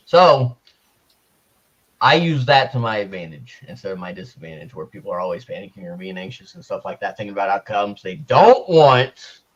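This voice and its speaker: A man's voice: lowish voice, fairly bright tone. Casual man on dull lo-fi audio. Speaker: group discussion participant. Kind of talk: casual chat.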